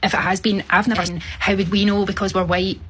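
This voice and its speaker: A woman's voice: mid-range voice, flat delivery, fast, a little hiss or hum. A Scottish woman in a social media video, talking in a defensive, insistent way. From Scotland.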